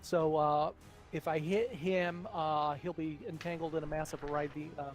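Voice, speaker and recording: A man playing a tabletop game, deliberately explaining how his abilities work. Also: fairly high pitch, fairly even intonation, soft background music. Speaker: player. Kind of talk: casual tabletop game play.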